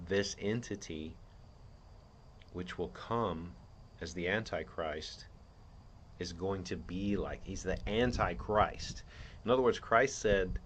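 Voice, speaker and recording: A man's voice: deep voice, slow, a bit bright, a little hiss or hum. A man hosting his own show, laying out a theory in an earnest, rambling monologue with many restarts. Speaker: podcast host.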